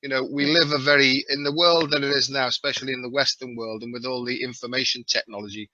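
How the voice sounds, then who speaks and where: A man's voice: mid-range voice, steady tone, fast, bright, forceful tone, dry recording, dull audio. A man from the Wirral with a Liverpool-area accent, chatting as a guest on a live show, jokey and self-mocking, with lots of "you know". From the Wirral, England. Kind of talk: casual live-stream chat.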